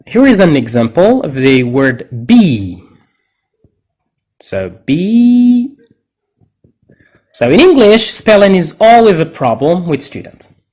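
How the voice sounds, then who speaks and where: A man teaching English pronunciation in a deliberate way, with Arabic as his first language, exaggerating stressed words as he models them. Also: a little high, big pitch swings, a little mellow. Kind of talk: pronunciation lesson.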